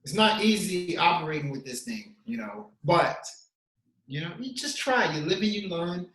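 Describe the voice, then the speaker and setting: A man's voice: high voice, lively intonation, moderate pace, fairly bright tone. A man co-hosting a podcast over a video call, chatting casually in a laid-back, joking way. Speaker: podcast co-host. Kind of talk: casual chat. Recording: echoey room.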